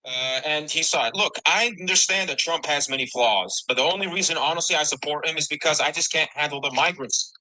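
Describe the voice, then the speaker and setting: A man's voice: fairly high pitch, fairly quick, few pauses, sharp tone, low-quality recording. A man from Florida arguing defensively as a guest in a heated online debate. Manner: defensive, argumentative.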